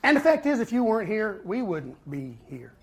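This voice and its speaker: A man giving a personal recovery talk to a fellowship meeting, telling his story earnestly with pauses and repeated words. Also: high-pitched, sing-song, background noise. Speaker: speaker at a twelve-step fellowship meeting.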